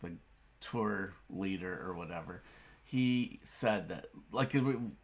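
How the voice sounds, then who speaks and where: Lower-voiced man chatting hesitantly. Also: slow, breathy edge. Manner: hesitant, with many fillers and restarts. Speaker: co-host. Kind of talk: casual chat.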